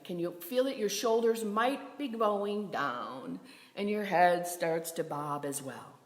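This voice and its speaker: A woman minister giving a gentle, meditative sermon to a camera in a sanctuary, with some phrases dropping to a whisper. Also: lowish voice, lively intonation, slow, reverberant, big-room sound. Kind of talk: livestreamed sermon. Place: synagogue sanctuary. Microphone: camera from a distance.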